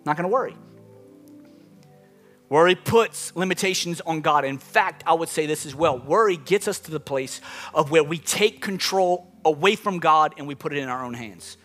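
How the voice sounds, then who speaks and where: A man's voice: fairly high pitch, moderate pace, a bit bright, soft background music. A man preaching a sermon as pastor, emphatic, his voice rising and dropping with the point he makes. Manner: emphatic, rising and falling dynamically.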